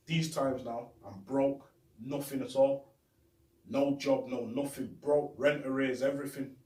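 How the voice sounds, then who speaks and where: Man, young adult, street slang, casual shout-outs, mid pitch, echoey room, distant mic. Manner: street slang, repetitive, heartfelt. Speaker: show host. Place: bedroom. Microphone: phone camera. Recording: roomy, distant phone mic.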